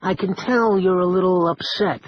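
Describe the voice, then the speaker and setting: A man's voice: high-pitched, steady tone, moderate pace, highs cut off, pitched above the performer's own voice. A man voicing an earnest, fussy male tech geek who speaks in a matter-of-fact way.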